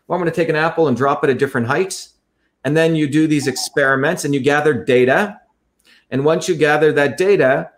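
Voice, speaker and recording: A man guesting on an interview, earnest and lecturing as he explains his ideas step by step. His voice sits a little high for a man, and he tends to repeat phrases as he builds a point.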